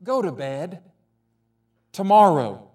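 A man's voice: high voice, sing-song, takes it slowly, a little mellow, distant mic, exaggerated voice. A man reading the lines of a doubtful, fussing male angel in a questioning storybook tone, a bit back from the microphone. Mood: gentle.

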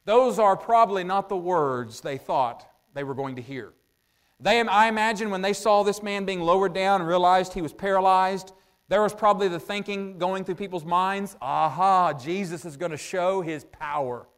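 High-voiced male preacher thinking aloud. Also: clean tone. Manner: conversational, asks the audience rhetorical questions; thinks out loud with frequent "uh" pauses. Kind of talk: sermon.

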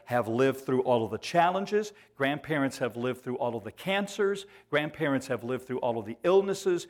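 A man delivering a sermon from a church pulpit. He drives his points home by repeating phrases. He slows right down on the words he wants to land. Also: medium pitch. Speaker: preacher.

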